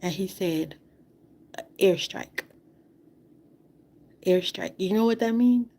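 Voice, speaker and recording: A woman's voice: mid-range voice, moderate pace, dark tone. A woman on a livestream, speaking in an impassioned, repetitive way and asking many rhetorical questions while fighting back tears. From outside the United States. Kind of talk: emotional livestream monologue.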